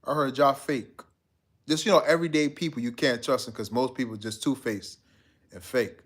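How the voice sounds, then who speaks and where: A man's voice: medium pitch, normal speed, slightly rough. A man hosting a live stream, chatting casually and reading out viewer comments in a laid-back, slangy way. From United States.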